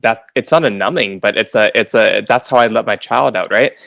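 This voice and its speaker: A man's voice: fairly low pitch, a little fast, vocal fry, a bit bright, no echo. Earnest male co-host, dry close sound. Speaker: podcast co-host. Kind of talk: casual podcast conversation.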